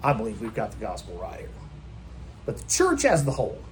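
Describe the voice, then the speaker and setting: A pastor preaches briskly in church, his lowish voice swooping wildly in pitch. He's emphatic and keeps posing rhetorical questions to the congregation, and a little hiss or hum runs under the recording.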